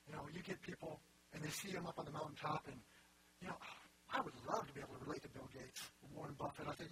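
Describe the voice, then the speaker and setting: A man's voice: a little high, fast talker, background noise. A man preaching a sermon in an earnest, conversational way, with wry asides.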